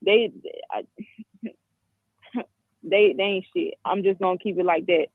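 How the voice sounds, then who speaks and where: Caller, woman, 20s, from the Caribbean; frank, halting, lots of restarts; dry phone audio. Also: medium pitch, fairly even intonation, no room sound. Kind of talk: call-in commentary. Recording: tinny dry phone line.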